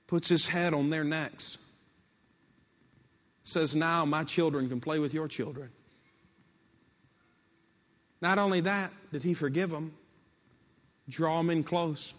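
A man's voice: a little high, unhurried, long pauses, fairly bright tone. A man preaching a sermon in a storytelling way, acting out quoted speech and building to impassioned peaks. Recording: long hall reverb.

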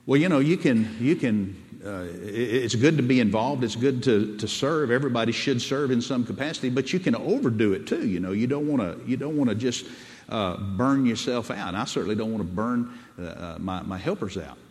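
A pastor preaches to his church, stumbling over and repeating words as he builds his point and calls the congregation to answer back. His mid-pitched man's voice rings out with the long, echoing reverb of a large sanctuary. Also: lively intonation, fairly quick, a little mellow. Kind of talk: sermon.

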